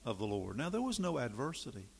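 A man preaching a sermon in an animated, sarcastic way, swinging from quiet remarks to loud, emphatic bursts. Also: medium pitch, quick pace, creaky, slight background noise.

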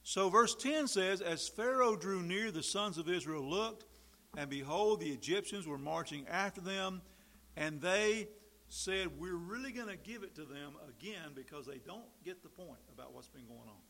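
A man's voice: high-pitched, lively intonation, normal speed, vocal fry, fairly bright tone. A man preaching a sermon in a conversational way, acting out little quoted exchanges and asides as he explains the text. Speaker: pastor.

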